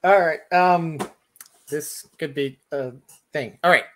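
Higher-voiced man guest on a call. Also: slow pace, fairly bright tone, a little hiss or hum. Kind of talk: casual chat.

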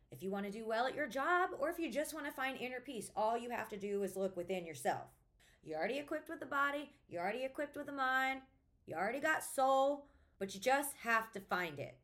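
A woman, hosting a casual podcast monologue and talking candidly with lots of swearing. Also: medium pitch. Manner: candid, profane, animated storytelling. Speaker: podcast host, attorney.

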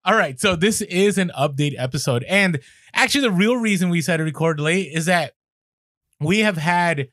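A man co-hosting a podcast, talking casually in an animated, slangy way with many fillers. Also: sits high, moderate pace, no room sound, clean studio sound. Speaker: podcast co-host.

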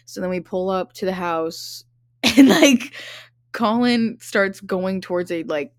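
A young woman in her twenties hosts a podcast and tells a long, rambling story, swearing freely and laughing along the way. Her voice sits at a middle pitch. It is recorded close on the mic in a dry space with no room echo. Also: expressive, slow pace. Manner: profane, rambling, laughs often. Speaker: podcast host. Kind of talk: casual storytelling chat.

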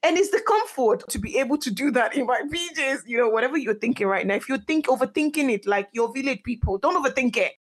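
Chatty excitable woman podcasting at home. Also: on the high side, quick pace, hardly any pauses. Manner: chatty, excitable, laughs often. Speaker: podcast host. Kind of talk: casual solo podcast chat. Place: at home in her kitchen.

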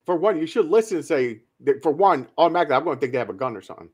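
A man's voice: fairly high pitch, rapid-fire, breathy edge. A man co-hosting a casual movie podcast, retelling horror scenes with heavy swearing and acted-out quotes. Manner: profane, animated retelling of scenes. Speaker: podcast co-host. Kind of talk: casual movie review chat.

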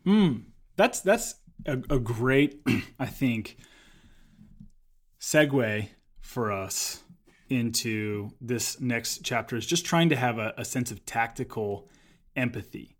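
A man's voice: medium pitch, slow. Man chatting, telling a work story. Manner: storytelling, animated when acting out quotes. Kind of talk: casual chat.

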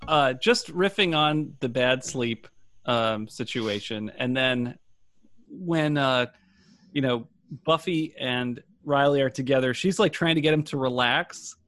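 A man's voice: medium pitch, a little slow, a bit bright, dry recording, soft background music. A man co-hosting a podcast, chatting casually and playfully as he guides the discussion. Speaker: podcast co-host. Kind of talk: casual chat.

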